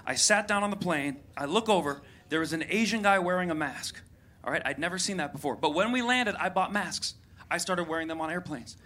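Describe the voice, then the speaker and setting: A man's voice: high voice, pushed and bright. A man performing a stand-up routine on a comedy club stage, acting out both sides of quoted exchanges with punchy timing. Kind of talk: stand-up routine before a live audience. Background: faint audience laughter and crowd noise.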